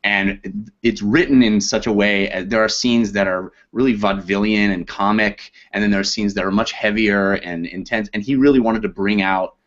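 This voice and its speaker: A man, an actor and audiobook narrator, chatting in a relaxed, self-deprecating way in an interview. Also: lowish voice, normal speed, dull audio. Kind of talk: casual interview chat.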